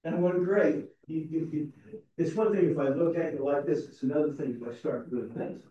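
A man's voice: a little high, a little fast, warm tone. A man preaching a conversational, self-deprecating sermon in a church, often restarting his sentences. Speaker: pastor. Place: church sanctuary. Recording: roomy, distant, dull sound.

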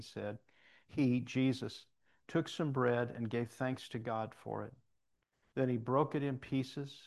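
Folksy pastor giving a sermon. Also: male voice, medium pitch, vocal fry. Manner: folksy and conversational, telling stories. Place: church sanctuary.

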